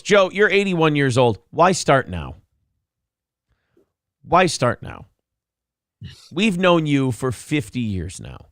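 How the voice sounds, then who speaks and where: A man's voice: on the high side, huge pitch swings, slow, long pauses, fairly bright tone, no room sound, clean studio sound. A man co-hosting a morning talk show, giving sarcastic political commentary in a mocking tone. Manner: mocking, sarcastic, laughs often. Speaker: co-host.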